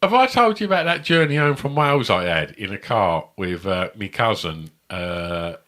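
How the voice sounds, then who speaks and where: A man's voice: lowish voice, very animated, normal speed, fairly bright tone. A middle-aged man, co-hosting a comedy podcast, telling rambling, sweary stories and laughing often. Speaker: podcast co-host. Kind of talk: casual chat.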